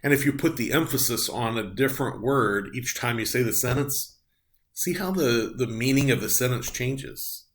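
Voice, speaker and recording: A man's voice: medium pitch, normal speed. A middle-aged man giving a recorded nursing lecture, explaining step by step with frequent ums and uhs. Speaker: nursing instructor.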